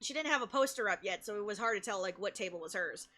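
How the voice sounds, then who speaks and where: A woman streamer telling stories in a casual, animated way, laughing often and restarting her sentences. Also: mid-range voice, quick pace. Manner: chatty, with many restarts and fillers. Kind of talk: casual live-stream storytelling.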